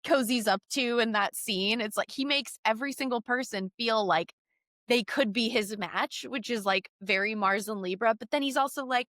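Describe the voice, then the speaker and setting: A woman's voice: a little high, moderate pace, a bit bright, no room sound, studio quality. A woman co-hosting a podcast in casual chat, talking in an enthusiastic way with lots of fillers. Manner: chatty, filler-heavy, enthusiastic. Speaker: podcast co-host.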